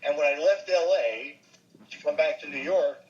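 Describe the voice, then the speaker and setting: An older male voice actor chats through an interview, telling animated stories and slipping briefly into character voices. His voice sits fairly high, and the recording is muffled and lo-fi. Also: normal speed. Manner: animated storyteller, slips briefly into impressions. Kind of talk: casual interview chat.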